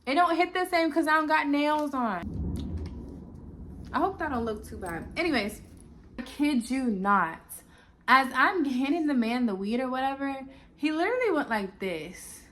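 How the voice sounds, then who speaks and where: A woman's voice: sits high, animated, normal speed, pushed and bright, slight background noise. Rambling chatty woman vlogger. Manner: rambling, chatty, full of filler asides. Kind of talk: casual chat to camera.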